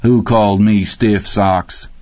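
A man voicing a weary, gruff middle-aged garage owner who speaks in a slow, wary drawl. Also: on the low side, fairly even intonation, a little mellow, no echo. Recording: dry, slightly muffled recording.

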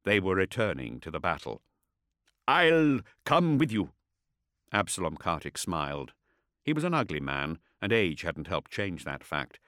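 A man narrating an audiobook story in a steady, expressive storytelling manner. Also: low-pitched, normal speed, no echo, clean studio sound.

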